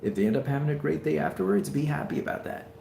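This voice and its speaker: A man's voice: fairly high pitch, lively intonation, fast, gravelly, mellow, echoey room, slight background noise. A man streaming from a hospital room, giving a rambling, heartfelt talk with many fillers. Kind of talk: casual live stream chat.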